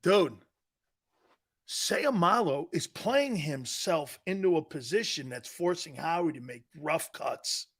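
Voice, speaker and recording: A man's voice: a little high, lively intonation, slow pace, slightly rough. A middle-aged man, a former player turned sports talk host, giving blunt, emphatic opinions and calling the listener "dude".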